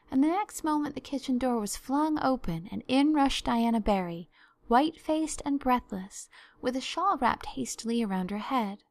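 Woman narrator for a classic novel, expressive, slightly high, dry close sound. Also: dry recording. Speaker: audiobook narrator.

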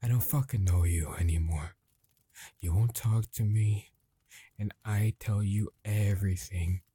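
An actor playing a frustrated husband confronting his wife at dinner, halting and swearing as he grows angrier. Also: fairly low pitch, fairly even intonation, husky, no echo. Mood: angry. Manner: halting, swearing, escalating to yelling. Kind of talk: improvised dramatic monologue.

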